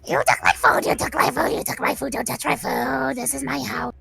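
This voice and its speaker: A woman voicing a small, possessive male goblin in a tabletop game, shrieking in a shrill, repetitive way. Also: steady tone, fairly quick, vocal fry, sharp tone, full character voice. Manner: screeching and repetitive.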